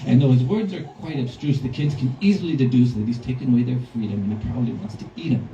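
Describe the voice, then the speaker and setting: A man's voice: mid-range voice, fast, warm tone, a little hiss or hum. A male storyteller performing a rhyming tale for an audience in a rhythmic, singsong delivery in a record store. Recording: roomy, distant, dull live recording.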